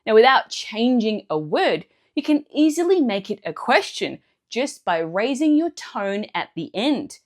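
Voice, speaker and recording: Teaching a scripted language lesson, a woman works through every point clearly and in order. Her somewhat high voice rises and falls broadly, and she speaks in an unhurried way, rarely pausing.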